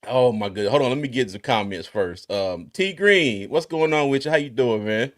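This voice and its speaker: A man hosting a casual sports talk livestream, animated and laughing as he reads out viewer comments. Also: medium pitch, normal speed. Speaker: podcast host. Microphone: streaming mic.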